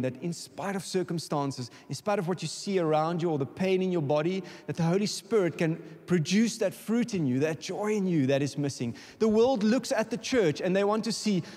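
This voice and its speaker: South african guy preaching, fired up, bit high voiced, big echoey church hall. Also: a little mellow. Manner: impassioned, repeats words when stirred, calls for congregation response. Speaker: guest preacher. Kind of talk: sermon. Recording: long reverb of a church hall.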